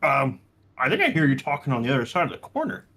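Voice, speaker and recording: A man's voice: mid-range voice, wildly swooping pitch, quick pace, a bit bright. Guy player in tabletop rp, laid back and offhand, voice goes up and down a lot. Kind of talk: in-character tabletop role-play.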